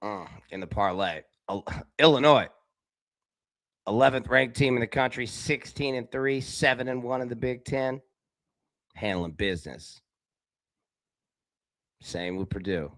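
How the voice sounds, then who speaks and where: A man of middle pitch hosts a live sports betting show in a lively, casual way, calling out to viewers by name. He jumps from loud, excited bursts to quiet, low asides. The sound is dry and close, with almost no room echo. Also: unhurried, long pauses. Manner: talks directly to chat viewers by name. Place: indoor room with a window.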